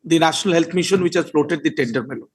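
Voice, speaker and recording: A man with an Indian English accent speaking as an advocate in a courtroom exchange, hurried and pleading. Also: on the high side, husky. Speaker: petitioner's advocate.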